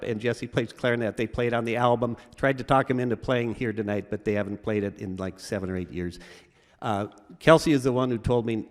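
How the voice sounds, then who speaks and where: A middle-aged man giving an award acceptance speech, halting and emotional, with many fillers and restarts. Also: mid-range voice. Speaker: award recipient. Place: large event hall. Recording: reverberant hall with audience.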